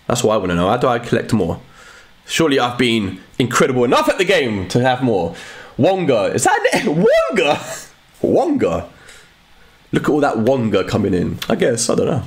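A man giving excitable live commentary while streaming a game, often shouting and exclaiming. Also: mid-range voice, quick pace. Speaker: gaming streamer.

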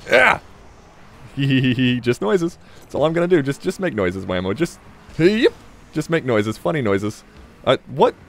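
A man with a slight Southern US accent giving rambling, self-mocking commentary while playing a game, breaking into sudden excited yelps. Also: medium pitch. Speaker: gaming YouTuber. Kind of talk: casual gameplay commentary.

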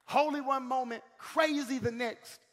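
A male pastor preaching a sermon in a church, calling out to the congregation, swinging from shouted peaks to sudden quiet lines. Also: very high-pitched, fairly even intonation, a little slow. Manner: calls out to the congregation. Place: church sanctuary. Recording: long hall reverb.

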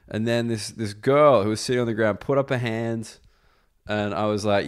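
Smooth-voiced man telling a story. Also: on the low side, little pitch movement, moderate pace. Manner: loose storytelling with frequent fillers. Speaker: podcast host and comedian. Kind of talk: casual storytelling and chat.

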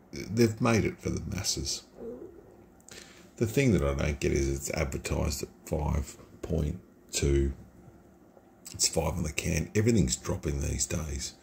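A man's voice: very deep voice, gravelly, a little mellow, slight background noise. A middle-aged man from Australia giving a casual, rambling beer review at night in his computer room at home. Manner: rambling, chatty and informal.

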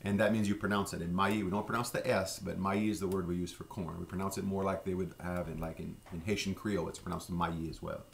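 Guy teaching words, lowish voice, kinda gravelly, slow and easygoing with lots of ums. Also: flat delivery, a little hiss or hum. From Louisiana. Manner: unhurried, with many fillers and slow repeated pronunciations. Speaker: French language teacher. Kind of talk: relaxed vocabulary lesson.

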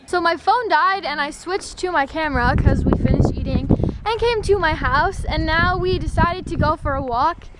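A young woman with a high, bright voice chats and giggles through a casual vlog. She films on her phone, and the audio carries a steady hiss of noise. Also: normal speed. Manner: giggly, chatty. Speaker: vlogger. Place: outdoors and in a car. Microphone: phone camera.

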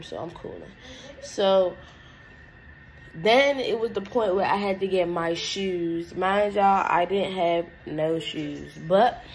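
A woman's voice: on the low side, darkish tone, low-quality recording. A young woman in her late teens chatting casually and emotionally to her viewers in a vlog. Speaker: vlogger.

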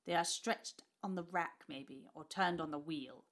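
A woman voicing an older, cruel male duke who speaks slowly and with sneering pleasure. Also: low-pitched. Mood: gloating. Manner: slow, sneering, barking orders.

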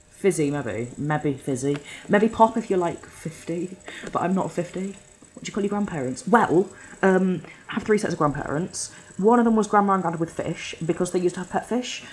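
A man's voice: a little high, poor audio. A young man from Yorkshire, now living in London, rambling and swearing casually through a questionnaire video at home. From Yorkshire, England. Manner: rambling, sweary, self-deprecating. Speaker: vlogger. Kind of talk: casual solo vlog, answering a questionnaire.

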